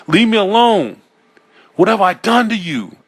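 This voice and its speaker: A panicked man on the edge of madness, as a male reader puts him on, shrieking in a strained, high voice. Each line comes out frantic and hysterical. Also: sing-song, a little slow, husky, heavily acted. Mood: terrified. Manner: screaming, hysterical. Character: panicked man losing his mind.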